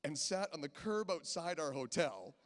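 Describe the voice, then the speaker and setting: This man in his thirties from Canada performs chatty stand-up in a casino, storytelling and voicing the characters he quotes. His slightly high voice swings widely in pitch at a moderate pace, sounding like it's in a large hall.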